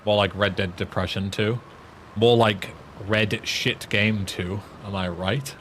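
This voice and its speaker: A man's voice: fairly low pitch, steady tone, takes it slowly, a bit bright, a little hiss or hum. A man with a Yorkshire accent giving casual streaming commentary while playing a game, with dry asides to himself.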